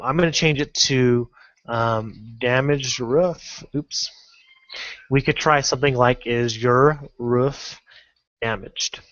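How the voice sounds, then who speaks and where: A man teaching an online course in a casual, halting screen-recorded tutorial, full of fillers and restarts. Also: medium pitch, fairly bright tone, no room sound, dull audio. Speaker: online marketing instructor.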